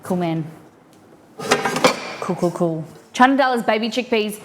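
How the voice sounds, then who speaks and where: An Australian woman streaming live as she cooks at home, chatting to herself and her ingredients and breaking into excited squeals. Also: medium pitch, unhurried, long pauses, background noise. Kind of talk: casual live-stream cooking chat. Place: home kitchen.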